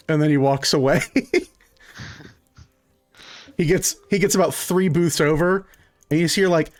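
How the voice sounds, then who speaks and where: A man's voice: fairly high pitch, unhurried, pauses often, soft background music. A man narrating as game master in a loose, laughing way, with many fillers.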